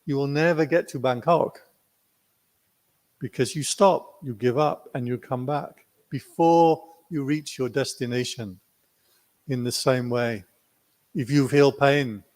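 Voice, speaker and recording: A man teaching meditation, telling a retreat story in a playful way and acting out the quotes. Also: mid-range voice. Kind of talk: dharma talk with a story.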